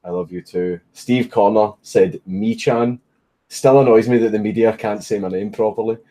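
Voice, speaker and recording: A man's voice: fairly low pitch, steady tone, moderate pace, warm tone. Swearing Scottish man telling stories. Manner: swears often, laughs through his stories. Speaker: streamer. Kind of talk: casual livestream chat. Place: home, at a computer, with a puppy. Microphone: desk microphone.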